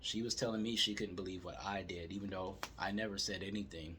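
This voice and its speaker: A man calmly telling a story as he gives dating advice to male viewers. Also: low voice, a little fast, a little hiss or hum. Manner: calm, steady storytelling.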